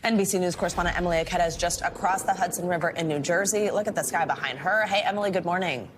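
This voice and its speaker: Female morning anchor, lowish voice, brisk and friendly, faint hiss under. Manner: brisk, friendly hand-offs. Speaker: news anchor.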